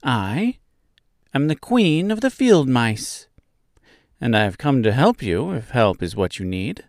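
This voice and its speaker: A tiny mouse queen from a storybook reading, put on by a man, high and squeaky well above his usual register. She speaks in a grand, self-important way, slowly and with lively swoops. The reading is close and dry. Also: dry recording. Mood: haughty. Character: tiny regal female mouse queen, proud and helpful. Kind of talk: audiobook character voice.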